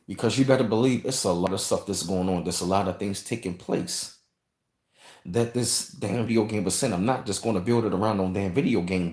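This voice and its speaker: Livestream host, male, lowish voice, loose rambling chat, roomy echo. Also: a little mellow. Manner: rambling, conversational, repeats phrases, reads and thanks viewers. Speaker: channel host reading live chat.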